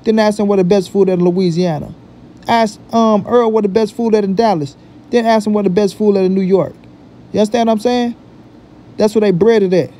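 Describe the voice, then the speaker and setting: A man's voice: high-pitched, steady tone, brisk, warm tone. A man hosting a boxing vlog, giving his opinion in emphatic, repetitive talk full of profane street slang. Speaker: boxing commentary vlogger.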